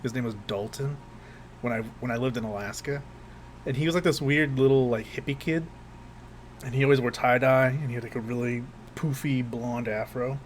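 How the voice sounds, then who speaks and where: A man's voice: medium pitch, steady tone, moderate pace. Young man, podcast co-host, rambling profane storyteller, laughs a lot, faint background noise. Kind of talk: casual chat, storytelling.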